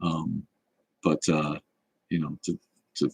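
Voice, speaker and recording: A man's voice: very deep voice, flat delivery, takes it slowly, creaky, darkish tone, husky, no echo. A man hosting a casual livestream chat, answering comments in a rambling, blunt and profane way. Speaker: show host.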